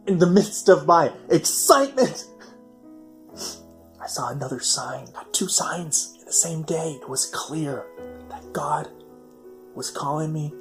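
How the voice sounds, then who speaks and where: A young man telling a personal story in an animated way, swinging from loud excitement to near whispers. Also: sits high.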